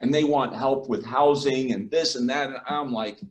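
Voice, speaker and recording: A man's voice: medium pitch, normal speed, hardly any pauses. Emphatic preaching man, echoey room. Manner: emphatic preaching, swinging between loud and quiet. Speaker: pastor. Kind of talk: sermon. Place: church.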